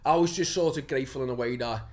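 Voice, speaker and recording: A man's voice: medium pitch, fast talker, darkish tone. A young man, a guest actor talking casually, rambling, swearing often and laughing as he goes. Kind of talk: casual chat.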